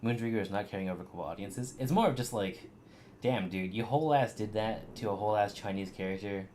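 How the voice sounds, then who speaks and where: A man streaming a game and commenting, ranting and swearing in an animated way. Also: on the low side, quick pace, slight background noise. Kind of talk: let's play commentary.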